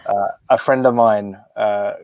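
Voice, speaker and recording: A man's voice: on the low side, fairly even intonation, unhurried, no echo, lo-fi sound. A man co-hosting a podcast, speaking bluntly and swearing when annoyed. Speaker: podcast co-host. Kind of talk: casual podcast chat.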